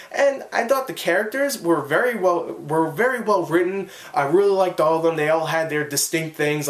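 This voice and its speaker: Young man, casual film review, enthusiastic, rambling, fairly high voice, echoey room. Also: a bit bright. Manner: enthusiastic, rambling, many fillers and restarts.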